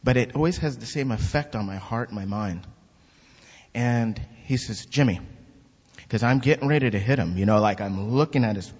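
A church member with a husky, medium-pitched voice gives his spoken testimony as a lively story, acting out the voices of the people involved. The audio is dull and lo-fi, carrying a long reverb from a large hall.

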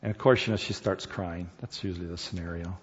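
Male speaker, folksy and animated, talks straight to the crowd; muffled recording with long hall echo. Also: sits low. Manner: folksy, halting, animated, addresses audience directly. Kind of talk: storytelling to an audience. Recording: dull sound in reverberant hall.

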